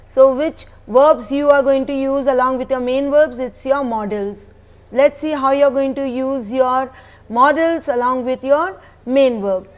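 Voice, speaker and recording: High-voiced Indian woman teaching a class. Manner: patient, explanatory, repeats phrases, mixes in Hindi. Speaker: school teacher. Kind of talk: recorded online class lesson.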